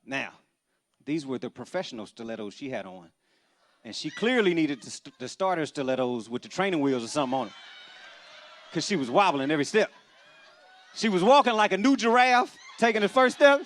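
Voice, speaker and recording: A man, doing a stand-up comedy set on a church stage before a live audience, telling stories in an animated, punchy way with sudden loud bursts. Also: fairly high pitch, a little fast, slight background noise.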